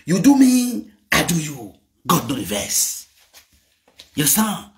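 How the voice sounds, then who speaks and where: A man's voice: on the high side, wildly swooping pitch, a little slow. A man with a Nigerian Pidgin accent, chatting playfully and mocking in a sing-song way. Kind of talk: casual gossip chat.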